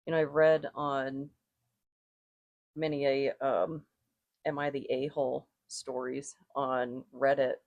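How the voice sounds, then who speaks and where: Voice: mid-range voice, dry recording, dull audio. A tarot and rune reader chatting casually to viewers, thinking aloud, correcting themself and chuckling now and then. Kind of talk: casual spoken reading to viewers.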